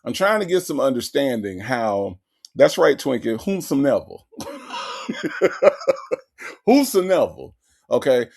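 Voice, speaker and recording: A man hosting a show, giving sarcastic, animated commentary on a clip. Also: medium pitch, takes it slowly, vocal fry, pauses often. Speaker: host.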